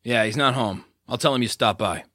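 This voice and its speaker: Narrator as big tough guy; flat, curt, menacing. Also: medium pitch, a little fast, no room sound, clean studio sound, natural voice.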